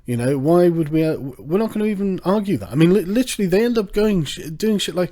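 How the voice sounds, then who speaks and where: Dark-voiced man ranting sarcastically. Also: sits high, fast talker, few pauses. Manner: profane, sarcastic, animated. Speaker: channel host. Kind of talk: casual livestream rant.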